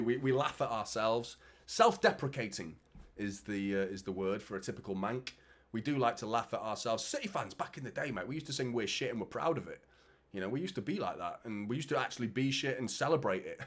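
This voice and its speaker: A man with a Manchester accent hosting a live football watchalong, chatting casually, swearing and reading out viewer comments. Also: fairly low pitch. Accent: Mancunian. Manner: chatty, swears, reads out comments, frequent "mate" and "do you know what I mean". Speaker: fan channel host.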